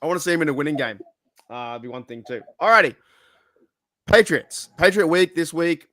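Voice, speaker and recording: A man's voice: a little high, lively intonation, brisk, a bit bright, no echo. A man hosting a casual podcast over a video call, laughing and swearing easily. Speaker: podcast host.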